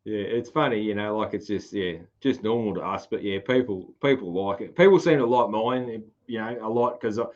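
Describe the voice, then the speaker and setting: A man's voice: lowish voice, a little fast, few pauses, highs cut off. A man with a broad rural Australian accent hosting a casual podcast chat, rambling with lots of fillers and restarts. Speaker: podcast host.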